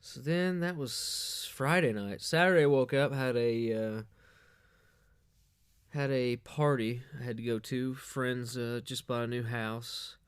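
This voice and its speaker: A man's voice: medium pitch, steady tone, measured pace, clean tone, dry recording, studio quality. A man hosting a podcast, telling a crude, rambling comic story with lots of swearing and bragging. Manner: profane, boastful, loose storytelling. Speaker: podcast host.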